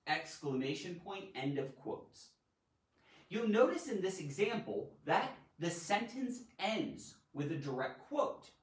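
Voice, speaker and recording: A man hosting a live online grammar lesson in a playful, animated way, tossing in silly sound effects. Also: high voice, slow. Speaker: grammar teacher and show host. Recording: roomy echo, mic at a distance.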